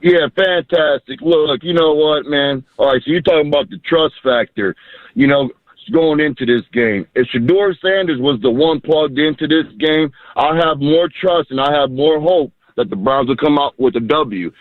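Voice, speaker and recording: A man's voice: on the high side, moderate pace, no room sound. A man calling in to a sports radio show, talking in a casual, conversational way. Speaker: caller. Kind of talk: radio call-in chat. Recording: tinny dry phone line.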